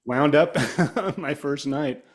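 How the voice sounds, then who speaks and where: A man's voice: on the high side, drawn-out words. Rambling middle-aged man telling stories. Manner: rambling, animated, acts out quoted voices. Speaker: guest guitarist. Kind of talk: casual storytelling interview.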